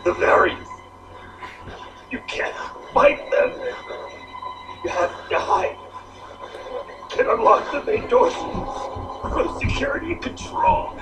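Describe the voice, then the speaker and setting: An actor playing a dying male asylum victim who gives an urgent, rasping whispered warning. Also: extremely high pitch, very animated, slow, long pauses, full character voice. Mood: urgent, desperate. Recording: distant echoey game audio with music.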